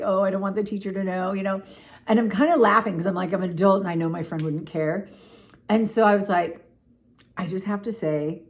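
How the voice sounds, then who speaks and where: A middle-aged woman chatting casually to camera, telling a personal story in an animated way, with lots of "like" and "oh my gosh.". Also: mid-range voice. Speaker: vlogger.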